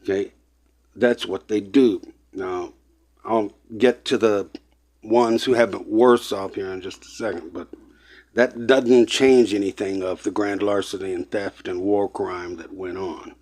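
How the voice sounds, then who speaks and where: A man's voice: lowish voice, steady tone, measured pace, darkish tone. A man delivering an impassioned, lecturing monologue, repeating points and getting worked up as he talks to his listeners. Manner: emphatic, repetitive, gets worked up; lecturing, addresses listeners as people. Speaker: online presenter.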